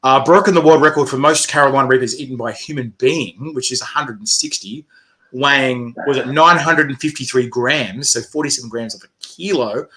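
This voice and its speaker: A man organizing a chili eating competition, chatting excitedly in an interview, laughing and swearing casually. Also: mid-range voice, fairly quick. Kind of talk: animated interview chat.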